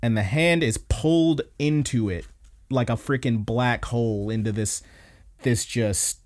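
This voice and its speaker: Brief: a male podcast host with a middle-pitched voice, casually recapping anime with profanity. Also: measured pace. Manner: profane, excited retelling of scenes.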